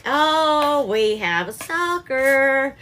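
A woman's voice: high-pitched, lively intonation, drawn-out words, a crowd in the background. A woman with a Southern accent hosting a live cooking stream from her home kitchen, chatting affectionately with viewers and calling them darling. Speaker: cooking livestream host.

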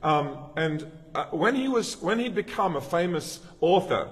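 A man's voice: sits high, animated, unhurried. A middle-aged male pastor giving a sermon in a conversational, storytelling way, often restarting his sentences. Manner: conversational, anecdotal preaching with frequent restarts. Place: church. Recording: long reverb of a church hall.

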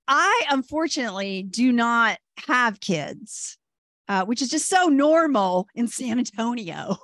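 An older woman works through a stand-up set, lively and self-deprecating. Her voice sits high and swings widely as she talks at an unhurried pace. The sound is dry and close. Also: no room sound. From Texas. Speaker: stand-up comedian.

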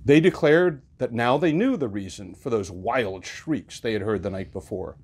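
A man reading a classic novel aloud with an expressive, varied delivery. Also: mid-range voice, moderate pace, breathy edge. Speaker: reader.

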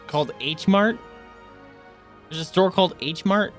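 A man giving casual, excitable commentary while playing a game on stream, swearing and talking to himself. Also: sits high, measured pace, soft background music.

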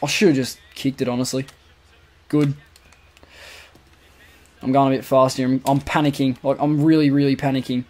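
A young Australian man calling his own football video game, jumping from quiet muttering to loud cheering when goals go in. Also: mid-range voice, little pitch movement, normal speed, pauses often. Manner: swings from muttered asides to shouted goal calls. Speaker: gaming commentator. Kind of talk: excited play-by-play over a football video game.

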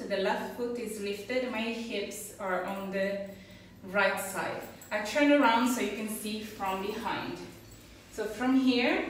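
Dance teacher, woman, unhurried and careful, distant mic with faint room noise. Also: a little high. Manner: slow, patient counting of rhythm and steps. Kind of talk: dance class instruction. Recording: echoey room, voice from far off.

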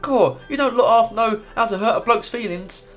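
A man's voice: very high voice, moderate pace, a bit bright, faint music behind, pitched above the performer's own voice. A man reading a chatty, touchy little male creature's lines aloud in a raised, chirpy, sarcastic voice. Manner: chirpy, sarcastic, mock-hurt.

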